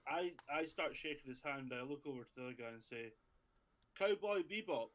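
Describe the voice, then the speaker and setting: A man plays a tabletop game and chats casually, joking along the way. His voice sits in an ordinary middle pitch. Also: a bit bright, muffled recording. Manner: joking and quick to laugh. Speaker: player.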